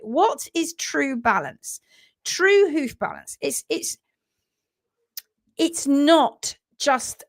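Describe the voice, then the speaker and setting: A woman hosts a casual live stream; she teaches hoof trimming. Her voice is a little high with vocal fry, and she greets viewers by name and reads their comments aloud earnestly and sympathetically.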